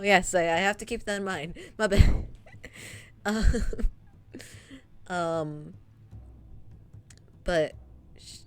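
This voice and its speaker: Slow, low-voiced young woman streamer. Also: bright, forceful tone, clean tone. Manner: chatty, laughs often, many ums and trailing asides. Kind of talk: casual chat, storytelling to a live chat.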